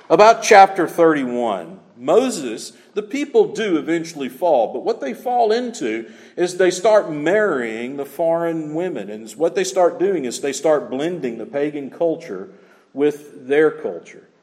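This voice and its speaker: Emphatic preacher in a reverberant hall. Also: male voice, a little high, darkish tone. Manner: emphatic, repeats key phrases. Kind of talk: sermon.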